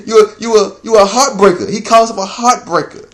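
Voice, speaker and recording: A man giving a casual, rambling manga chapter review, swearing often, laughing a lot and jumping into high excited exclamations. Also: fairly quick.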